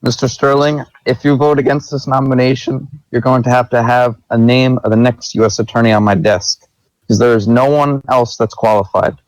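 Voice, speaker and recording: A man's voice: medium pitch, fairly even intonation, normal speed, dry recording, poor audio. Firm man role-playing an attorney general. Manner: firm, insistent, defending a nominee. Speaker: attorney general in a mock senate session. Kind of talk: role-played parliamentary debate.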